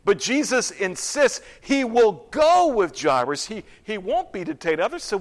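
A man preaching a sermon, acting out scenes and dropping to hushed whispers. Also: high voice, very animated, measured pace, few pauses. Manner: dramatic, swings from loud to hushed whispers. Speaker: pastor.

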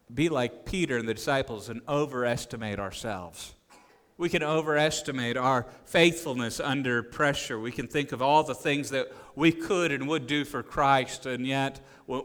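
A man preaching a sermon, acting out quoted voices with sudden rises in pitch and frequent restarts. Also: a bit bright. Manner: acts out quoted disciples with rising voice, frequent restarts. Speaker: pastor. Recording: long hall reverb.

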